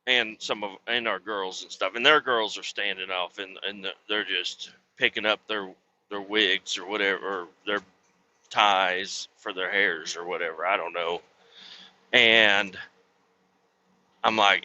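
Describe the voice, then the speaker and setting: A man's voice: fairly low pitch, steady tone, measured pace, sharp tone, muffled recording, slight background noise. A man hosting a podcast, telling a rambling, crude story in casual chat with lots of swearing. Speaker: podcast host.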